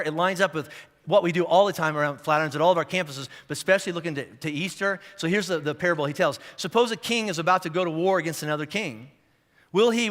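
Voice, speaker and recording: A middle-aged man preaching a sermon as pastor, animated, with many restarts, rising at times to shouts. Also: on the high side, big-room sound. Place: church auditorium.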